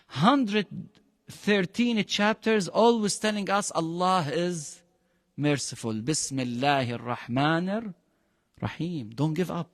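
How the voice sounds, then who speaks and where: Arabic-accented male religious teacher, fairly high voice, lively and questioning, dry sound with a long hall tail. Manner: animated, questioning the class, pitch jumping high for emphasis. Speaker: Quran teacher. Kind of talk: interactive religious lesson.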